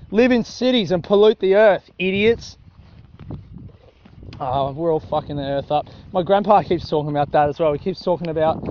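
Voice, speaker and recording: A young Australian man chatting casually while walking along a grassy rural track, swearing often and laughing at his own jokes. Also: sits high. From South Australia. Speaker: vlogger. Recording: dull lo-fi audio with faint noise.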